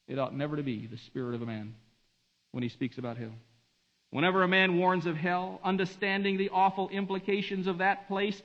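A man delivers a sermon in a high voice. He swings from hushed, drawn-out words to emphatic, rising appeals. The recording sounds dull and lo-fi. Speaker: preacher.

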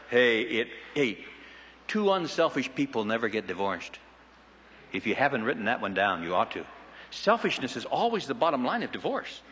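A middle-aged man preaching a sermon in a folksy, animated, joking way. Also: on the high side, big-room sound.

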